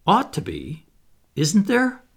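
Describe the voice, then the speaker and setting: A man's voice: sits high, wildly swooping pitch, slow pace, vocal fry, husky, pitched above the performer's own voice, full character voice. A man voicing Wendy, an eager young girl.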